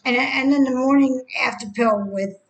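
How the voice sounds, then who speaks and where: A woman giving opinionated reaction commentary, often halting and restarting, and stressing that her views are only her own. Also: high voice, lo-fi sound.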